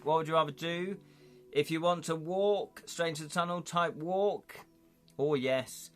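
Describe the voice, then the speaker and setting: A man, hosting a live gamebook play-through with excitable, forgetful chatter and reading the story aloud. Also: on the high side, unhurried, soft background music. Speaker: host and gamebook narrator.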